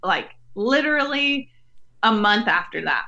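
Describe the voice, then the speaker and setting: A young woman, a podcast guest, telling a faith story earnestly and warmly, laughing now and then. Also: fairly high pitch, big pitch swings, measured pace, highs cut off. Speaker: podcast guest, women's ministry leader. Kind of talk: faith-based interview conversation.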